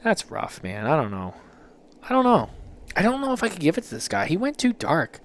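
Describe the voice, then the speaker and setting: A man's voice: a little high, huge pitch swings, brisk, a bit bright. A man hosting a casual show, reading listener submissions aloud and reacting with loose, joking, profane commentary. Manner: loose, joking, swears freely, reads out and reacts. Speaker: podcast host.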